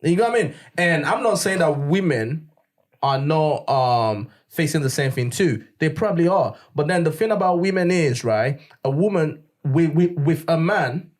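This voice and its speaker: A man's voice: fairly high pitch, expressive, normal speed. A young man, talking emphatically in casual chat and checking that his listener follows.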